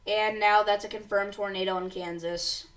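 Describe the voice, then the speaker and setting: A woman's voice: medium pitch, steady tone, moderate pace, a bit bright, recorded from a distance. Woman giving urgent live storm coverage. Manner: urgent, reads warnings aloud, addresses viewers as you guys. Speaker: severe weather livestream host.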